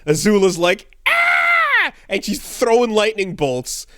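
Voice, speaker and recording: A man's voice: a little high, lively intonation, unhurried, fairly bright tone, no room sound, clean studio sound. A man co-hosting a casual podcast chat, acting out scenes with sudden shrieks and laughter. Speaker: podcast co-host.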